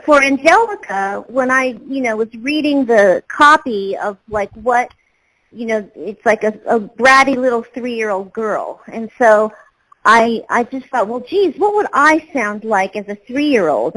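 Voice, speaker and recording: Voice-actor guest, woman, fairly high voice, loose and rambling, lots of ums. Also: a bit bright, rough recording. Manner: rambling, with many fillers and restarts. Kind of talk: interview answers.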